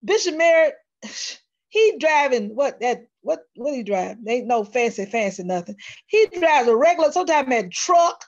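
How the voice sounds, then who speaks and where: A woman's voice: high voice, very animated, moderate pace, lo-fi sound. A woman in a Sunday school class chatting casually, trailing off mid-sentence. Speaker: class member. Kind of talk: casual chat.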